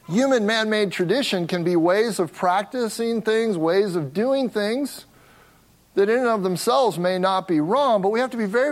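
High-voiced man preaching emphatically. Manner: emphatic, stresses key words slowly. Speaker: pastor. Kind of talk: expository sermon.

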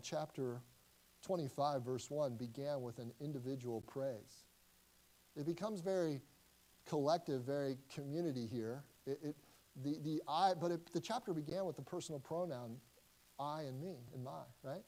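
A middle-aged man preaching from the pulpit. His voice sits a little high but sounds dark and mellow. He talks in a conversational way, stumbles into restarts, then slows down hard on emphatic lines. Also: rough recording. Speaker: pastor. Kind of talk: sermon.

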